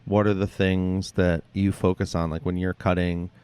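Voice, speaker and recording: A man's voice: deep voice, little pitch movement, moderate pace, darkish tone, clear, resonant tone. A man hosting a podcast, asking his guest questions and cutting in with brief words of agreement. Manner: brief, affirming interjections. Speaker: podcast host. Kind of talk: casual interview.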